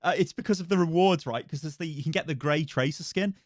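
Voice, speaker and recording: A man's voice: on the high side, quick pace, no room sound, studio quality. A man hosting a casual live co-stream, chatting and laughing often while reading out the chat.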